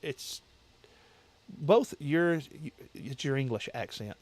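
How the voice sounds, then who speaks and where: A man's voice: medium pitch, lively intonation, takes it slowly, a little mellow. A man hosting a casual livestream chat, rambling and repeating himself as he answers viewers with easy laughs. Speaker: livestream host.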